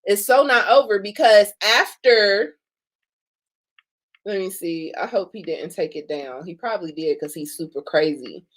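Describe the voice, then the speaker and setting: A woman's voice: mid-range voice, lively intonation, unhurried. A woman hosting a casual reaction commentary, blunt and outspoken, swearing freely.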